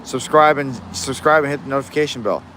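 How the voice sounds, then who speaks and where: A man's voice: medium pitch, fast talker, a bit bright, a little hiss or hum. A young man in Alaska chatting casually on a fishing livestream, rambling and easygoing with many restarts, recorded outdoors in the rain on a phone.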